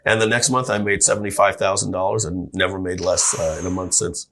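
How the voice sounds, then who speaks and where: A man telling his story as a podcast guest, animated and full of restarts. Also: low voice, brisk, slight background noise. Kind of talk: storytelling in a casual interview.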